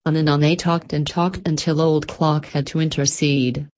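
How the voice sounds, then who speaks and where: A woman reading a storybook aloud with gentle, measured narration. Her voice sits notably low. She keeps the telling unhurried. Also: fairly even intonation.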